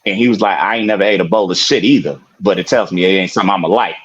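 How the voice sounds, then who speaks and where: Husky-voiced man telling stories casually. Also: low voice, very fast, dull audio. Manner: loose storytelling, laughs often, profane. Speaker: podcast co-host. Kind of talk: casual chat.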